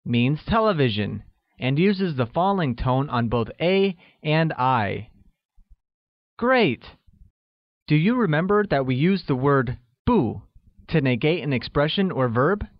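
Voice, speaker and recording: A man reading a scripted language lesson, slowly spelling out each phrase for learners. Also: medium pitch, big pitch swings, dry recording. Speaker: language teacher. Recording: dull, lo-fi voice-over recording.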